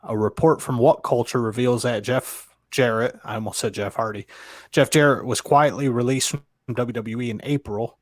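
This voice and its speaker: Male podcast co-host, mid-pitched, steady news delivery, dry sound. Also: moderate pace, no echo. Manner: steady, matter-of-fact news reader. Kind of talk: casual chat, reading news items.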